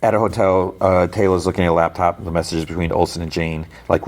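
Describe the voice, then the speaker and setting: A man's voice: low-pitched, level tone, fast talker. A man hosting a podcast, casually retelling scenes from a show with lots of fillers and quoted lines. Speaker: podcast host. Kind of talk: casual plot recap.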